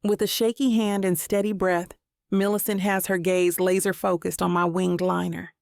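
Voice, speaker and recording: A woman narrating a first-person romance audiobook in a measured, even way. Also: on the low side, vocal fry, dry recording, studio quality.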